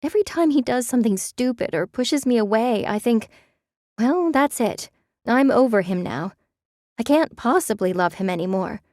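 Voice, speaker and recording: A woman voicing an anxious young bride who speaks in a soft, wobbly, pleading voice. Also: a little high, expressive, normal speed, no room sound, clean studio sound, voice pushed up, close to an everyday voice. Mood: distressed.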